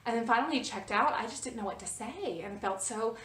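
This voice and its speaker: A woman vlogger telling a personal story in a casual, animated way, often restarting her sentences. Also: on the high side, a little fast, echoey room, distant mic. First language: English. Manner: animated, restarts often, rises when reliving the scene.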